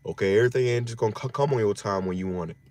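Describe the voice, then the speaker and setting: A man's voice: on the low side, rapid-fire, darkish tone. A man giving an informal scripture teaching in slangy street talk, often repeating phrases and restarting his words. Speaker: religious teacher.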